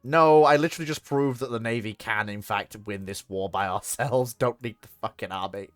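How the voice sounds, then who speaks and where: Over soft background music in a dry recording, a man with a lowish voice talks a little fast. He chats casually while streaming a naval strategy game, and his gaming commentary is full of laughter, swearing, and mock dialogue.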